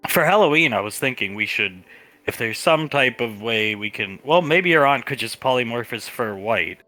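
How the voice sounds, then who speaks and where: A man with a bright, forceful tone, recorded close and dry. He plays a tabletop role-play in a playful, joking way. Faint music runs underneath. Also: medium pitch, expressive, normal speed, dry recording. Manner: playful, tosses in joke ideas and cat noises. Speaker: tabletop game player.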